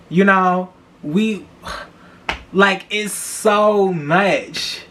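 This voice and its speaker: A young man hosts a casual celebrity gossip podcast. He talks in a blunt, profane, animated way and hammers his points home by repeating himself. His voice is bright and forceful and sits fairly high for a man. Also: moderate pace, a little hiss or hum. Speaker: podcast host.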